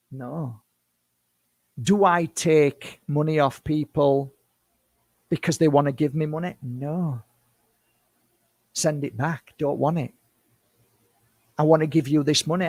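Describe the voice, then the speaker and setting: A man's voice: a little high, gravelly, no room sound, studio quality. A man in his fifties, a spiritual healer, speaking to camera in an impassioned, defensive monologue full of rhetorical questions. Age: 50s.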